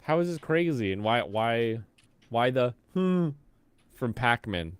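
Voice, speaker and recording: A male streamer reacts sarcastically in a casual stream, laughing often and breaking into rants. His voice is smooth and resonant. The sound is dry and close. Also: medium pitch, expressive, a little slow, dry recording. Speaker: stream host.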